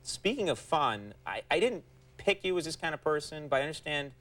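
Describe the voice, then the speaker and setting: A man's voice: fairly high pitch, big pitch swings, a little fast, fairly bright tone. A man hosting a late-night talk show, joking and mocking himself as he questions a guest. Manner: jokey, self-mocking, playful asides. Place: TV studio. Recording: noisy VHS TV broadcast.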